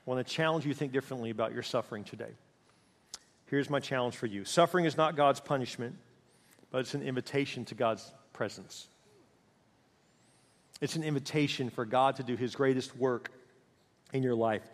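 With a medium pitch, a middle-aged pastor gives an impassioned sermon marked by big contrasts: loud, quick eruptions alternate with soft, slow passages. The sound carries hall reverb.

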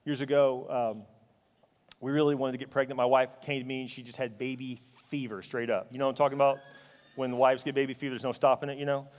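A male pastor preaching with raw emotion, building to loud, fervent peaks and dropping to hushed, faltering words. His voice sits at an ordinary middle pitch. It rings out with a long reverb, as if in a large church hall. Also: level tone. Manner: emotional storytelling, swinging from loud fervor to hushed, halting speech. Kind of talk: sermon.

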